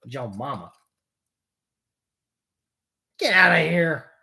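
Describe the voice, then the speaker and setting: A woman voicing a cheeky toy figure that talks back to its owner in low, quiet retorts. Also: very animated, extremely slow, gravelly, full character voice.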